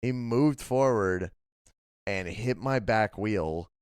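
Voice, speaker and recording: A man's voice: on the low side, takes it slowly, clean tone, no echo, studio quality. A young man co-hosting a casual late-night podcast, telling stories in a rambling way, full of "like" and swearing. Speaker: podcast co-host.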